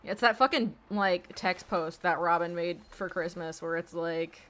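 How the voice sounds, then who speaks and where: A woman's voice: on the low side, measured pace, a bit bright. A young woman streaming a video game from home, rambling in casual, self-deprecating commentary full of swearing and laughter. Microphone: streaming mic with webcam.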